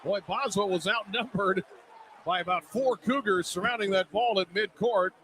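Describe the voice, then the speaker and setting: A man announcing a basketball game play-by-play, quick and rising to excitement on big plays. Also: high-pitched, a little hiss or hum. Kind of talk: radio-style basketball play-by-play. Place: arena broadcast position.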